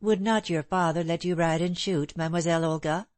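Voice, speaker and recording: A woman reading the part of a stiff, polite young English gentleman in an audiobook, stolid and formal. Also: fairly low pitch, steady tone, brisk, no room sound, natural voice.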